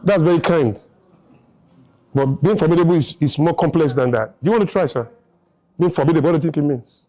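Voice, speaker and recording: A man's voice: fairly high pitch, a little fast, mellow. A man in his fifties giving a motivational lecture to a live audience, emphatic and firing rhetorical questions. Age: 50s. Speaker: speaker.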